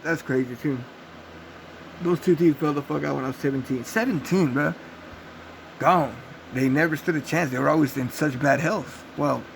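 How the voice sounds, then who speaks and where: A man's voice: mid-range voice, gravelly, slight background noise, rough recording. A young man telling a rambling, profane story casually, acting out gunshot sounds. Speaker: vlogger.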